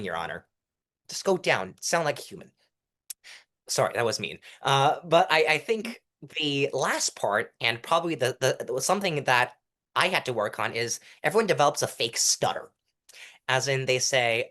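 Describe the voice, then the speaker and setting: Young guy coaching on speaking, voice jumps all over, animated and chatty. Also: medium pitch. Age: young adult. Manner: animated, demonstrates delivery styles mid-sentence. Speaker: guest, mock trial competitor. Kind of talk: casual interview coaching talk.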